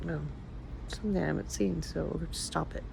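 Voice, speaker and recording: A woman's voice: low-pitched, steady tone, moderate pace, creaky, dark tone, a little hiss or hum, rough recording. An older woman talking casually in a personal vlog, emotional and rambling as she confides in her viewers. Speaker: vlogger.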